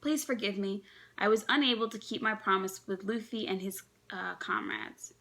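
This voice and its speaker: A woman reading aloud as an apologetic young bride-to-be, quiet and secretive. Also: medium pitch, moderate pace, gravelly.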